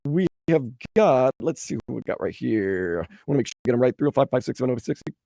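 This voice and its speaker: A man's voice: medium pitch, animated, fast talker, gravelly, dark tone, dry recording. A man from New Orleans hosting a call-in sports radio show, swinging between weary and fired up.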